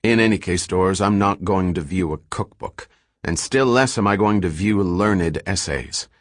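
A man's voice: low-pitched, moderate pace, no echo, clean studio sound, natural voice. A man playing an earnest, wry male scholar who gets insistent and exasperated, read in an audiobook. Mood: tired.

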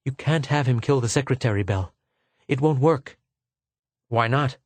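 A man's voice: mid-range voice, normal speed, darkish tone, no room sound, close to an everyday voice. A man voicing a practical young woman, raising pointed, urgent objections.

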